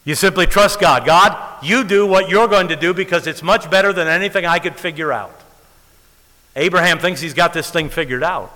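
A man preaching a sermon with dramatic pacing, stretching out key words and dropping to a hush. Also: fairly high pitch, in a large hall, poor audio.

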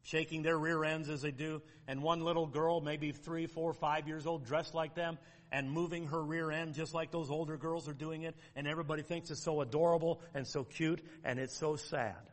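A man's voice: a little high, steady tone, moderate pace, in a large hall. A man preaching a sermon in a folksy, plain-spoken way, working through numbered points and quoting scripture. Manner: folksy, outline-driven preaching with quoted scripture. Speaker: pastor.

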